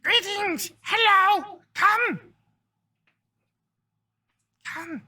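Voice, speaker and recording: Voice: very high-pitched, drawn-out words, pushed and bright, pitched above the performer's own voice, full character voice. A game master voicing an eager young female kobold fish seller who talks in broken, gushing phrases. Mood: excited. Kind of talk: tabletop role-play voice.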